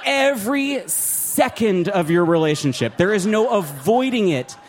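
A man doing a stand-up set, self-mocking and shouting his punchlines. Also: high-pitched, expressive, measured pace, a faint crowd. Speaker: stand-up comedian. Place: live comedy show before an audience.

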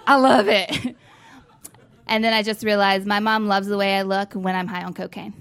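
A woman's voice: medium pitch, little pitch movement, quick pace, a bit bright. A young woman doing a stand-up set, laughing between jokes and stretching out her punchlines. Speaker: stand-up comedian.

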